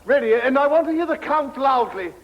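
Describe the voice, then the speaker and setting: An actor playing a bossy male officer who barks commands and shouts out counts. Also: very high-pitched, expressive, a little fast, dull audio, faint music behind.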